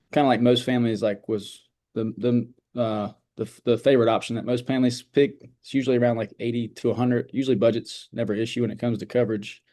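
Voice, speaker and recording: A man's voice: mid-range voice, warm tone. A man, an insurance sales agent, explaining his approach in a plain, direct way with frequent restarts. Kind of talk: sharing tips in a team training.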